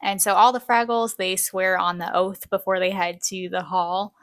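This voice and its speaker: A woman with a medium-pitched, fairly bright voice and fairly even intonation speaks at a moderate pace on a dry recording. A video essay host, she recaps a TV show in a chatty, casual way, acting out quotes as she goes and saying "like" often.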